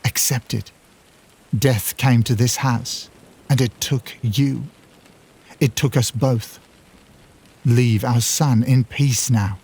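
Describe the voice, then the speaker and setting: A man reading as a dead mother's spirit, calm and measured, firm in tone. She speaks steadily and without hurry in a horror audio story. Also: mid-range voice, slightly rough.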